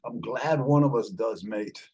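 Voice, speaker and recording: A man's voice: mid-range voice, unhurried, darkish tone, slightly rough, poor audio. A man speaking in a put-on British accent, chatting casually and rambling with many fillers while calling his listener mate, over a video call. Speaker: show host talking with an AI companion. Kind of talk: casual chat.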